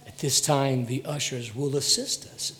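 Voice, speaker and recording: A man preaching a sermon in a church sanctuary, his voice trailing off into a long hall reverb. He moves dramatically between forceful, raised lines and hushed, soft endings. His voice sits in an ordinary middle register for a man. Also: medium pitch, fairly even intonation, unhurried. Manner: dramatic swings from loud to hushed. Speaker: pastor.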